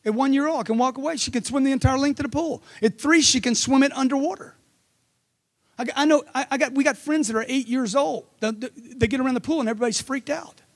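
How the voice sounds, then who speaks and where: A man's voice: very high voice, fast. A man giving a live motivational seminar talk into a handheld mic, emphatic and firing off rhetorical questions. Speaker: motivational speaker.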